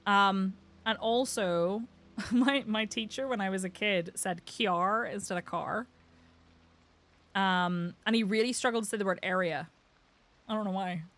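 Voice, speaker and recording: A woman's voice: medium pitch, measured pace, fairly bright tone. A young woman with a Northern Irish accent, chatting casually while streaming a game, laughing often and swearing lightly. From Northern Ireland. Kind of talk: casual live-stream chat while gaming.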